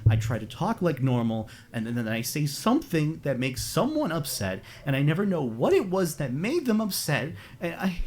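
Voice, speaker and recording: A man's voice: fairly high pitch, big pitch swings, a little mellow, pitched above the performer's own voice. A man doing a shaky, stammering young rich guy. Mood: tearful. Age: young adult. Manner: stammering, halting, on the verge of tears.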